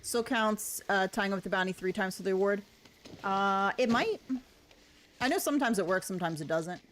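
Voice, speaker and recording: A woman's voice: medium pitch, normal speed, a bit bright. Giggly woman streamer chatting while she plays, noisy audio. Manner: chatty, giggly, talks to the game characters. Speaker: gaming streamer. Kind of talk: casual livestream commentary.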